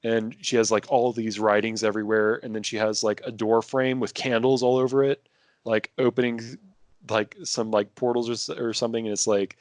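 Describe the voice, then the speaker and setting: A man's voice: on the low side, level tone, normal speed, no room sound. A man talking casually as a podcast guest, rambling with many restarts and fillers. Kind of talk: casual conversation.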